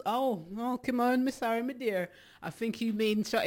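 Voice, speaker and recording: A woman's voice: medium pitch, measured pace. Breathless Jamaican woman hosting a live stream. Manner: chatty and affectionate, greets viewers by name, laughs often. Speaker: live-stream gospel show host. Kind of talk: casual live-stream chat, reading out viewer comments.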